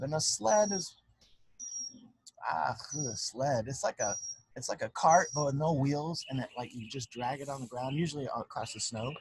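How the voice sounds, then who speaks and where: A man's voice: medium pitch, animated, normal speed, creaky, background noise. Chatty man reading a story aloud. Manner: chatty, explains words along the way. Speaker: storytime reader for children. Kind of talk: reading a picture book aloud to children. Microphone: handheld mic, briefly dropped on the ground.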